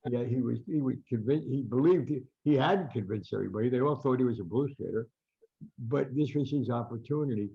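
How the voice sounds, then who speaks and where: A man's voice: medium pitch, brisk, gravelly, breathy edge, lo-fi sound. An older man, a guest boxing writer, telling stories in an interview and acting out the people he quotes. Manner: animated storyteller, acts out quotes loudly. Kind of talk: storytelling interview.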